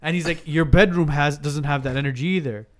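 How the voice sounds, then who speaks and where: A fast-talking man in his thirties with a fairly high-pitched voice relates a ghost story in an informal podcast chat. Animated, he acts out each bit of dialogue and often restarts mid-sentence.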